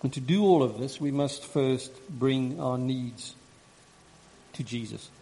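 A man preaching a sermon and reading scripture, earnest and measured, repeating phrases for emphasis. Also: medium pitch, mellow, slight background noise. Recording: long reverb in a large hall.

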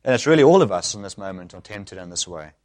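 Animated male preacher with a lively voice. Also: low voice, fast talker. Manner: animated, acts out quoted speech with sudden loud bursts. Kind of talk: expository sermon.

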